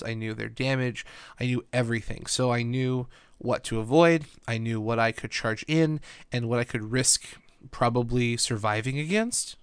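A man's voice: medium pitch, clear, resonant tone, no echo, studio quality. A man hosting a podcast, recapping a tournament in a casual, enthusiastic, rambling way with lots of "like" and laughter. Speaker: podcast host.

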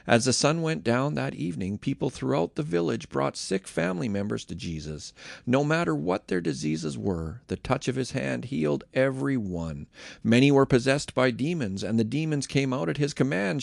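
A man reading scripture aloud in a measured, expressive way, then giving a casual devotional comment on a close mic. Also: medium pitch, creaky, no room sound. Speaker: Bible reader and podcast host.

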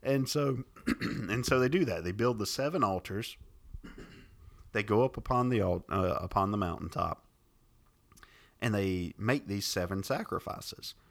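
A man's voice: mid-range voice, creaky, a bit bright. A man co-hosting a podcast, retelling a Bible story casually, rambling and laughing often. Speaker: podcast co-host.

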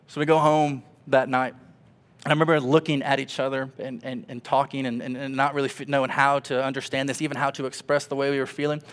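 A pastor in his twenties, with a mid-range voice and a fast delivery, preaches a sermon told as an emotional story. He swings between loud, animated stretches and hushed ones.

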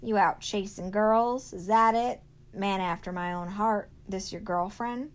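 A woman's voice: medium pitch, unhurried, close to an everyday voice. A woman voicing a swaggering, bullying grown man who hollers in a folksy drawl. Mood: blustering.

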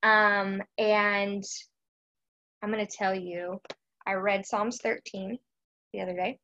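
A woman's voice: mid-range voice, flat delivery, slow pace, sharp tone, lo-fi sound, a little hiss or hum. A woman from Texas, hosting a casual devotional live stream chat and often checking in with her listeners. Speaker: host of a faith chat.

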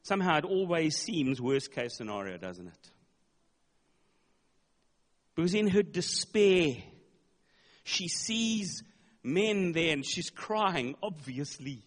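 Guy preaching a sermon, high voice, big echoey hall, dramatic retelling. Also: sing-song, takes it slowly, long pauses. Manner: emphatic, dramatic retelling with repeated words. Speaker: pastor. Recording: long hall reverb.

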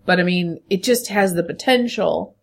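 A woman co-hosting a podcast, chatty and animated, laughing often in casual chat. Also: fairly low pitch, normal speed, creaky. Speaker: podcast co-host.

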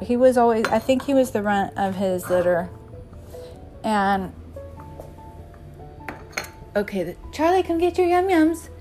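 A woman's voice: on the high side, a little mellow. A woman hosting an episode, telling rambling stories in a chatty, casual way and chuckling now and then. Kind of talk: casual storytelling.

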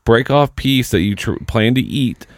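A man's voice: medium pitch, lively intonation, normal speed, no echo, clean studio sound. A man co-hosting a casual chat, reading a list aloud with joking, swearing asides. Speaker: co-host.

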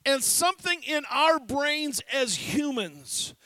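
High-voiced, bright male preacher. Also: slow, no echo. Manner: animated preaching, swings between loud and hushed. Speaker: pastor. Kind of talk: sermon.

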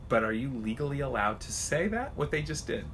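A man co-hosting a casual podcast chat, ranting and swearing in an animated way. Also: medium pitch, brisk, a little hiss or hum.

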